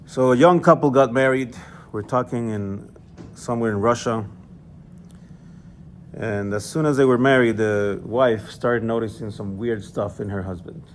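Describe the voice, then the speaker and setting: A man teaches a class in a conversational way, explaining things, telling a story, and asking the class for agreement as he checks in with them. His voice is medium in pitch and moderately paced. There's slight background noise in this lecture recording.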